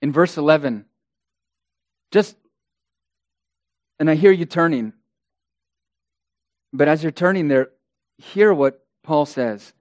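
A man's voice: on the high side, slow, long pauses, no room sound, dull audio. A male pastor preaching an impassioned sermon, hammering points through repetition and addressing the congregation as beloved.

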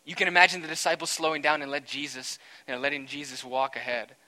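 A man preaching a sermon, conversational and animated, swinging between loud and quiet with dramatic asides. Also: fairly high pitch, fast talker, poor audio. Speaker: pastor.

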